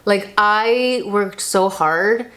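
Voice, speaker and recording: A woman's voice: mid-range voice, extremely slow, a bit bright. A woman in her thirties talking casually to the camera in a vlog, chatty and emotional, often saying "like". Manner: chatty, emotional, uses lots of "like". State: tearful, on the verge of crying. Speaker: vlogger.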